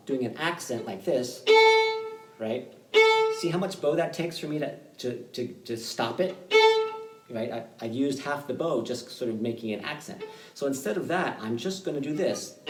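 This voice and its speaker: A man teaching fiddle in an online workshop. He explains in a relaxed, halting way, with many fillers. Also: medium pitch. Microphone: video call. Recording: roomy sound, mic at a distance, loud fiddle playing.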